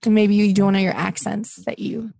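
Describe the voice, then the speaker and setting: A woman's voice: medium pitch, flat delivery, fairly quick, gravelly. A woman co-hosting an improvised comedy podcast, playing an eager interviewer. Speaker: podcast co-host.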